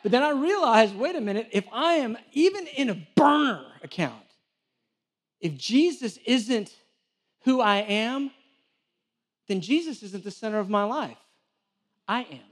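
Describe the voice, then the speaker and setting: A man preaching a sermon to a live church audience, animated storytelling with self-deprecating humor. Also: very high voice, unhurried, pauses often.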